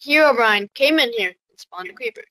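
Female gamer, high voice, bossy, irritated, crowd noise behind. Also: moderate pace, low-quality recording. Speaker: server owner. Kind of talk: gaming voice chat.

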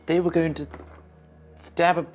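A man playing in a tabletop game, eager and asking quick questions. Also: a little high, level tone, a little mellow, soft background music. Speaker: player. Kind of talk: tabletop role-play banter.

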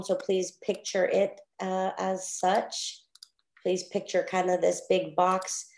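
A woman's voice: medium pitch, gravelly, a little mellow. Chatty woman teaching in an echoey room. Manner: chatty, laughing, apologetic asides. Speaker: trading coach. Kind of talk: live online trading class. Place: home, at night. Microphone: video call. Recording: roomy echo.

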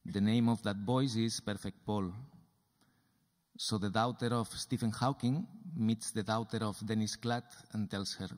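A man's voice: on the low side, fairly even intonation, measured pace, a little mellow. A man giving a conference lecture, telling a story and repeating key phrases for emphasis. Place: lecture hall at a symposium. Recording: reverberant lecture hall.

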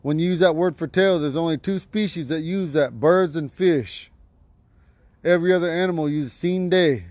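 A man teaching vocabulary to a class outdoors at home, patiently repeating each word slowly. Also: fairly high pitch, darkish tone, dry recording. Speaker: language teacher.

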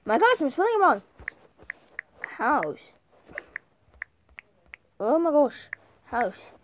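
A woman chats her way through her own gameplay in casual running commentary. Her voice sits a little high and is lively, with wide swings in pitch. She talks to herself and to the viewers as she plays. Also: slow pace, a little hiss or hum. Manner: chatty, talks to herself while playing. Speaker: gameplay video maker.

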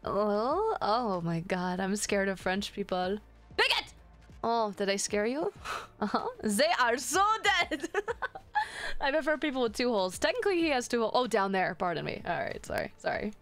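A woman's voice: medium pitch, big pitch swings, fairly quick, soft background music. Bawdy, playful woman streamer. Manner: playful, crude, flirty joking with chat. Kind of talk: casual live-stream chat while gaming.

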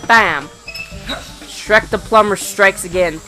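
A young man playing a video game with friends, cursing loudly in frustration as he comments. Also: high-pitched, slow pace, soft background music, poor audio. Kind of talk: casual let's-play commentary.

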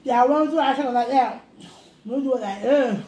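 High-pitched earnest woman in an echoey room. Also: brisk, mellow. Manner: earnest, heartfelt, rambling. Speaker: host. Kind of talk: casual mukbang chat. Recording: echoey room with light noise.

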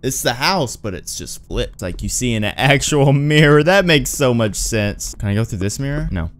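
A man's voice: mid-range voice, animated, moderate pace, fairly bright tone, soft background music. A young man doing let's-play commentary on a horror game, muttering nervously and breaking into screams. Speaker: gaming YouTuber.

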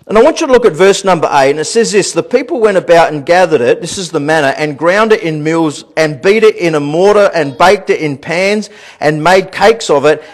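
A male pastor delivers a sermon in a church with a noticeably high voice. He talks in an animated way, repeats words as he gathers his thoughts, and chuckles through his own anecdotes. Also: a little fast. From Australia.

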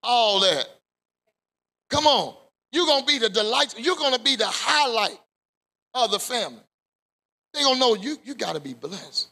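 High, gravelly fiery preacher man. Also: expressive, moderate pace, pauses often. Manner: call-and-response preaching, shouting at peaks. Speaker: pastor. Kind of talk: preaching a Bible study sermon.

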